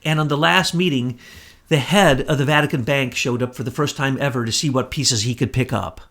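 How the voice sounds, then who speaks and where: A man with an Ozark accent, co-hosting casual political commentary, telling it as an animated story. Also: mid-range voice, brisk. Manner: animated storyteller, acts out quotes. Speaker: co-host.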